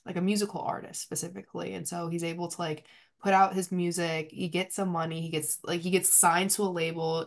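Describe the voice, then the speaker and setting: A woman hosting a casual podcast chat, talking in a rambling way full of "like" and "um". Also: lowish voice. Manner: rambling, many fillers, softly spoken asides.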